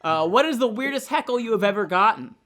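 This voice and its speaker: A young man co-hosting a podcast as a comedian, chatting casually and slipping in dry, deadpan jokes. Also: sits high, fast talker.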